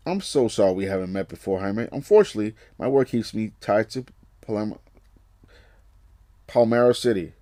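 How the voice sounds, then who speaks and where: A man voicing a businesslike adult woman executive from a comic, with a crisp and skeptical delivery. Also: fairly low pitch, expressive, moderate pace, long pauses, warm tone, no echo, studio quality, close to an everyday voice. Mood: dry.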